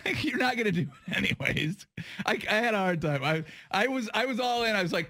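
A man's voice: high voice, fast talker, no echo, studio quality. A man co-hosting a sports radio show in casual, joking banter, sometimes mocking politicians in put-on voices. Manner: jokey, animated, mocks politicians in put-on voices. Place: radio studio. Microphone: studio microphone.

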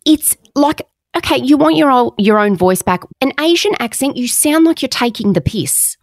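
A woman co-hosting a podcast in casual chat, blunt and quick with frank asides. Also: sits high, expressive, no room sound. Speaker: podcast co-host.

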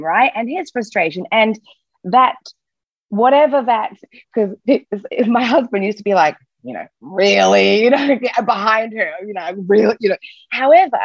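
A woman's voice: medium pitch, a little mellow, dry recording, muffled recording. Brief: woman coach, reassuring and emphatic, dry close recording. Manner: reassuring, emphatic, repeats key phrases. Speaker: parenting coach. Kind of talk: casual podcast chat.

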